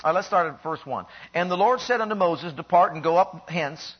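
A high-pitched male preacher delivers a sermon with animated emphasis, pushing up to loud peaks and sinking to quiet, low lines. The recording is dull and lo-fi. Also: moderate pace, breathy edge.

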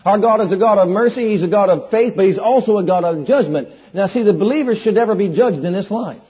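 A man's voice: high-pitched, fast talker, husky. A man preaching a sermon in an earnest, emphatic way, repeating key phrases and quoting scripture. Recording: dull lo-fi sound.

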